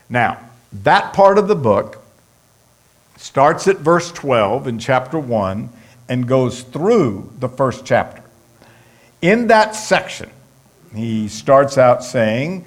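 A man's voice: medium pitch, big pitch swings, slow pace. A man preaching a sermon, emphatic and repetitive, speeding up as he lists points. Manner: emphatic, repeats points for stress, speeds up when listing. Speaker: pastor.

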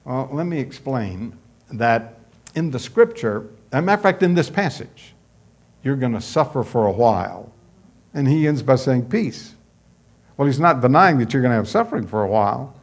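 A male pastor preaching a sermon in a measured storytelling way. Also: medium pitch, sing-song.

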